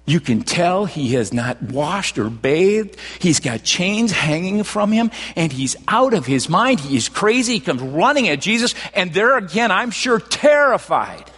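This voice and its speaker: A man preaching a sermon, telling a Bible story with loud bursts and hushed, near-whispered moments. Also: high voice, sing-song, a little slow, hardly any pauses, slightly rough, long reverb tail. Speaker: pastor. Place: church sanctuary.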